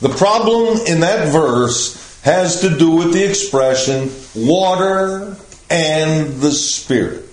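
An older man teaching a Bible class, explaining passages in a slow, measured way. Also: mid-range voice, a little mellow. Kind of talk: Bible study lecture. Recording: echoey room.

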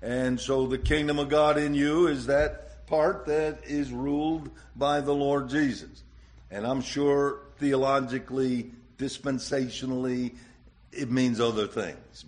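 A man preaching a sermon, slow and deliberate, with dramatic rises and drops in pitch and loudness. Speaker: pastor.

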